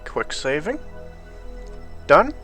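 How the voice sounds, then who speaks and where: A man's voice: a little high, sing-song, extremely slow, fairly bright tone, soft background music. A sleepy man casually commenting on his gameplay, thinking aloud at a drifting pace. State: sleepy, yawning. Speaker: gameplay video host.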